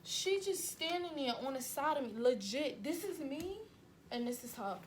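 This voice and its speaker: A woman in her twenties telling a story to her viewers on camera, animated and acting out the scenes as she talks. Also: high voice, normal speed, background noise. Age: 20s. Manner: animated, acts out scenes, addresses viewers directly. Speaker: vlogger. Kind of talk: storytime vlog. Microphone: camera mic.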